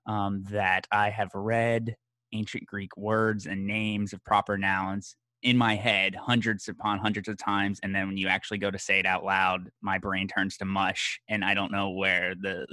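A man's voice: deep voice, level tone, normal speed, pushed and bright, no echo. An American man, a history podcaster, chatting casually in a rambling, self-deprecating way with many fillers. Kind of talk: casual conversation.

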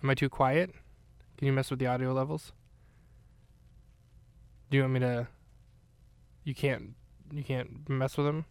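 A man rambles through a casual podcast recap, his voice smooth and clear with an even, fairly flat delivery. He is recorded close in a dry room with no echo, and he pads his talk with fillers and restarts. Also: mid-range voice, unhurried, pauses often. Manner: rambling, chatty, with many fillers. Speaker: podcast host recapping a film. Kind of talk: casual chat.

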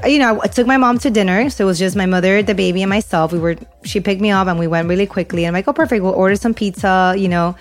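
A woman's voice: mid-range voice, fast talker, few pauses. A young woman co-hosting a podcast, chatting casually and telling a story with lots of "like" and "you know". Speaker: podcast co-host. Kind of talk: casual chat.

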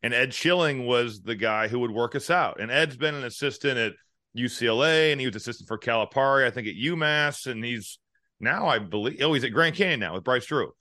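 A man co-hosting a sports podcast, telling stories with a bright, forceful voice. He is animated and laughs a lot. The sound is dry and close. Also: medium pitch, fairly quick, no room sound. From Indiana. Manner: animated storyteller, laughs often. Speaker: podcast co-host. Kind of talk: casual sports chat.

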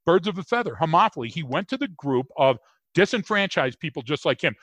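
A man with a fairly high voice co-hosts a conversational podcast, joking and rambling as he restarts his sentences. The sound is dry and close. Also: animated, fairly quick, a bit bright, dry recording. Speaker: podcast co-host.

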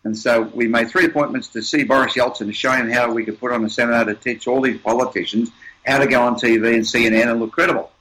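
A man's voice: medium pitch, fairly even intonation, fast, a bit bright, low-quality recording. An older man, an interview guest, telling motivational stories in an emphatic, upbeat way with repeated words. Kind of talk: motivational storytelling.

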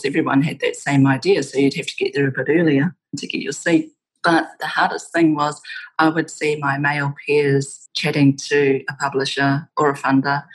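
A middle-aged woman from New Zealand with a New Zealand accent, reflectively telling stories as an interview guest, with the odd soft laugh. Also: low voice, husky, poor audio. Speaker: game studio founder, guest. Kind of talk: conversational interview storytelling.

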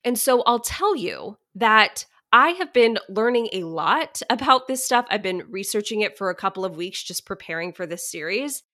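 A woman's voice: medium pitch, animated, normal speed, few pauses, bright, forceful tone. A young adult woman hosting a solo money-coaching podcast, chatty and upbeat.

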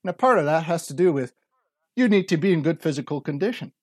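A man's voice: a little high, animated, quick pace, no echo. Earnest man in his forties, dry sound. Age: 40s. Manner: earnest, storytelling, acts out quotes. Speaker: guest. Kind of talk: casual interview talk.

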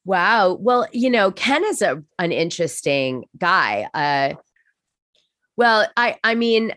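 A woman's voice: medium pitch, lively intonation, a bit bright, dry recording, studio quality. An American woman hosting a casual chat, asking eager, curious questions. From United States. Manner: eager, curious, quick to gush.

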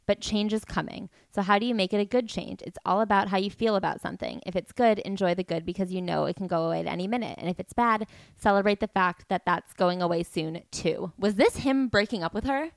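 A woman's voice: medium pitch, a little fast, creaky, dry recording. Wry woman podcast co-host, dry sound. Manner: wry, dry questions, reads book passages. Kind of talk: casual chat.

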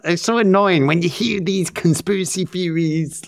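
A man's voice: high-pitched, moderate pace, dry recording, clean studio sound. A man with a Belfast accent co-hosting a podcast, joking and teasing in casual chat. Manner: jokey, teasing, drawls names for comic effect. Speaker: podcast co-host.

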